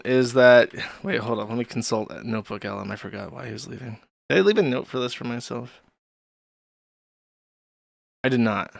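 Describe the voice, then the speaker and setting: A male stream host in a crude, scornful rant, laughing at what he shows his viewers. His voice sits at a middling pitch and is recorded close and dry, with no room sound around it. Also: gravelly, a bit bright, no echo. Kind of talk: ranting livestream commentary.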